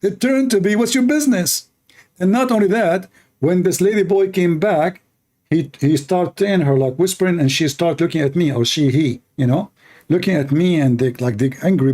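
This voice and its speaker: A man with a slightly high voice and a sarcastic, mocking delivery. His English is broken and he restarts sentences often. He is hosting a polemical talk. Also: a little mellow. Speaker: host.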